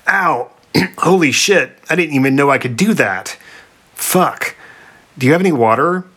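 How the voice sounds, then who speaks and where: A man's voice: fairly high pitch, animated, measured pace, fairly bright tone, pitched above the performer's own voice. A man voicing a short-tempered, fire-breathing female Sphinx monster who sounds whiny and exasperated and talks in casual slang in a comic story. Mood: flustered.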